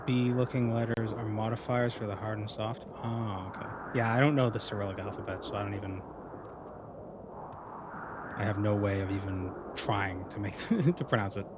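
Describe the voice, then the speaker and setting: A man's voice: on the low side, steady tone, normal speed, noisy background. A man streaming a game, chatting casually and reading viewer comments aloud before answering them. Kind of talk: casual live-stream chat.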